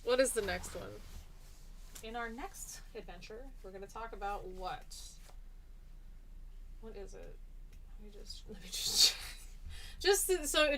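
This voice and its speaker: A woman's voice: mid-range voice, fairly bright tone, a little hiss or hum. Chatty woman teaching a live-streamed class. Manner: chatty, encouraging, reads out student answers.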